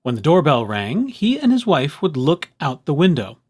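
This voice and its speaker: A man reading a children's picture book aloud with expressive, animated storytelling. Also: fairly high pitch, normal speed, husky.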